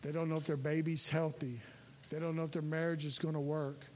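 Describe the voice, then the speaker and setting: A chaplain preaching a sermon in a folksy, emphatic way, his voice rising to loud peaks. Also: fairly high pitch, flat delivery, fairly quick. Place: church sanctuary. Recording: reverberant hall with faint hiss.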